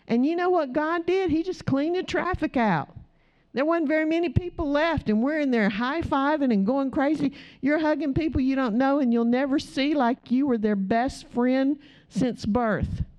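Mellow-voiced middle-aged woman preaching. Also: sits high. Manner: lively storyteller who acts out dialogue. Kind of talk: sermon storytelling. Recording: dull, slightly muffled recording.

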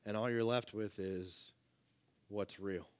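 A man giving a casual youth sermon, energetic and full of rhetorical questions, swinging between loud and hushed. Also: lowish voice, takes it slowly, clear, resonant tone. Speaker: youth pastor.

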